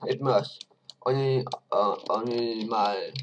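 Excitable young gamer, slow-spoken. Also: male voice, medium pitch, lo-fi sound. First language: Dutch. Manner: excitable, swings from shouts to mumbles. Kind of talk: let's play commentary.

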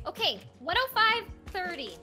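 A chatty young woman with a high, lively voice, calling out enemy positions and distances during a team shooter match. Loud game music and gunfire fill the background behind her. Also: normal speed. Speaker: gaming teammate. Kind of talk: casual gameplay chat.

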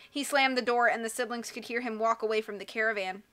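A woman's voice: on the high side, fairly even intonation, brisk, fairly bright tone. A woman reading a storybook aloud on a live stream and chatting casually with viewers. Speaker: audiobook reader and live streamer. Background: faint background music.

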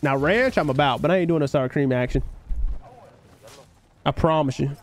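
A man's voice: on the high side, moderate pace. A young man with a Southern US country twang who does laid-back, slangy live gameplay commentary, reading chat aloud and answering viewers. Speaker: game streamer.

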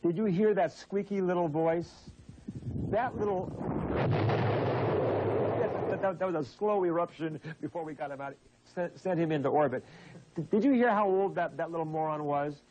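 A man's voice: a little high, moderate pace, darkish tone, a little hiss or hum. A man hosting a call-in radio show, scolding and exasperated with prank callers. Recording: dull lo-fi broadcast audio.

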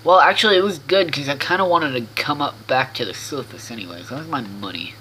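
Bright-voiced man narrating his gameplay. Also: medium pitch, sing-song, normal speed, a little hiss or hum, rough recording. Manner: rambling self-talk with frequent restarts and swearing. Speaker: gaming video host. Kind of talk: casual let's-play commentary.

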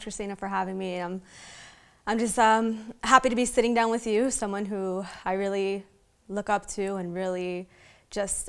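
A young woman with a Southern Californian accent, talking about her retirement in a sit-down interview, halting often and restarting her sentences. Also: medium pitch, creaky, clear, resonant tone. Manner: halting, many restarts and fillers. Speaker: interview guest, retired boxer.

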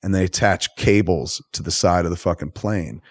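A man's voice: low voice, normal speed, husky, no echo, clean studio sound. A man hosting a podcast, recapping a film in a profane, rambling and enthusiastic way. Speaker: podcast host. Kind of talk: casual movie recap.

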